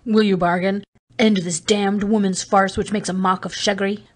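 A woman reading an audiobook voices a harsh man quick to rage, speaking low and bitter. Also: little pitch movement, a little hiss or hum, close to an everyday voice.

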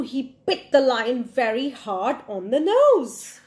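A woman reading a picture book aloud to children, expressive and full of questions for her young listeners. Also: fairly high pitch, takes it slowly. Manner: expressive, asks the children questions, gasps in surprise. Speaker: storyteller for children.

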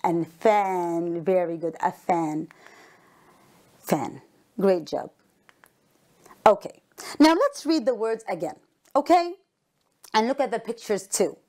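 A woman's voice: mid-range voice, lively intonation, takes it slowly, pauses often, a little mellow. A woman teacher with an Arabic accent giving a phonics lesson to children, sounding out letters one by one and praising often. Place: recorded for a broadcast school lesson.

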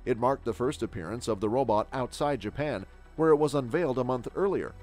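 Man narrating tech news in a steady read. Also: mid-range voice, a little fast, faint music behind.

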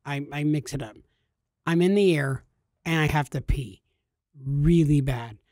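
A man in his thirties, a podcast co-host, telling a funny story casually and jumping into high, shouty voices when he quotes people. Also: a little slow, no room sound, studio quality.

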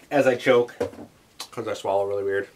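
A man's voice: lowish voice, slight background noise. A young man vlogging a taste test, talking in a rambling, chatty way with many asides. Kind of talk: casual chat to camera.

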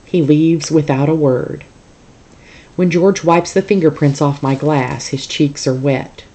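A teacher reading a novel aloud to a class in a calm, steady storytelling manner. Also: mid-range voice, a little slow, a little hiss or hum.

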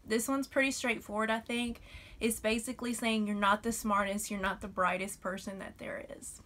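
A woman's voice: medium pitch, little pitch movement, moderate pace, a bit bright. A young woman from Alabama with a Southern accent, talking in a chatty, folksy way as she explains sayings in a casual vlog. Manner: chatty, folksy, uses y'all and fixing to. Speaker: vlogger.

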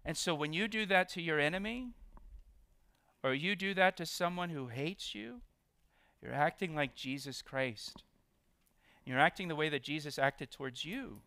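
A male pastor delivering a sermon in an expressive preaching style, hitting key words with extra force. His voice sits somewhat high and sounds bright and crisp. The recording is close and dry. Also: moderate pace, pauses often, dry recording. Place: church.

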